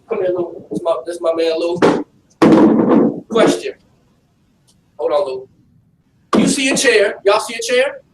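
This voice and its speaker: Male pastor, high voice, lively streetwise preaching; distant mic in an echoey room. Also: background noise. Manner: streetwise, animated, talks with the audience. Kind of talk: preaching to young people in a facility.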